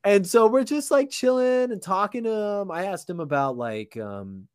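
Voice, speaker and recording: A man's voice: high-pitched, expressive, normal speed, clean tone, dry recording. A young man, a podcast guest, telling a story in a casual, slangy way, full of "like" and restarts.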